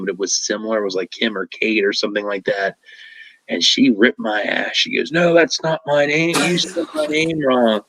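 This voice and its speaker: A man's voice: fairly low pitch, fairly bright tone, no echo, poor audio. A man chatting casually as a guest illustrator, telling laid-back stories and acting out the quotes. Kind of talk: casual chat.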